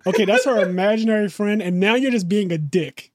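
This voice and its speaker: A young adult man chatting casually as podcast co-host, animated and profane. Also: high voice, brisk, no room sound, studio quality. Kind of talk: casual chat.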